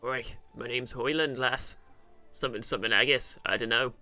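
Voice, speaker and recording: A man voicing a stout, calm, middle-aged male guard captain in a rough put-on Northern English accent. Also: fairly low pitch, a little fast, soft background music, voice pushed down. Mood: offhand.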